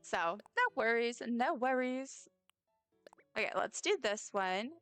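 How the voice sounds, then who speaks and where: A woman's voice: a little high, very animated, normal speed, fairly bright tone, clear, resonant tone, no room sound, faint music behind. A woman streaming a game, chatting casually and rambling with lots of fillers. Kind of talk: casual gameplay chat.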